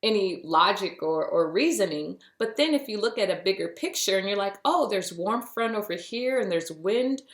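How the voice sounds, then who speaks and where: A woman talks through her spiritual podcast in a loose, playful style, calling the listener honey and boo. Her voice sits at a middle pitch. The recording is roomy, with a clear echo around her. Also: expressive, normal speed, few pauses. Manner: chatty and playful, with pet names like honey and boo. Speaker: podcast host. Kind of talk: casual spiritual podcast monologue.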